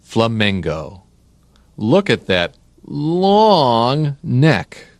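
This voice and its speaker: Slow, animated man reading to kids. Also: low voice, no room sound. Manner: slow, spells words letter by letter, playful animal sounds. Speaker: children's book reader. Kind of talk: read-along for children.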